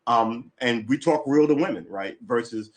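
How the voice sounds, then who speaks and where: A man talks loosely to his livestream audience, jumping between thoughts. He is blunt and opinionated, curses casually and laughs often. His pitch sits in an ordinary middle range. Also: moderate pace. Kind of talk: casual rambling chat.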